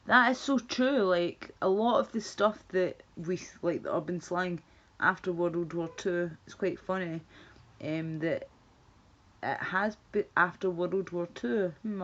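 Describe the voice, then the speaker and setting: A woman's voice: lowish voice, a little slow, fairly bright tone, highs cut off. A Scottish woman livestreaming, chatting casually and rambling as she reacts to viewers' comments. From Scotland.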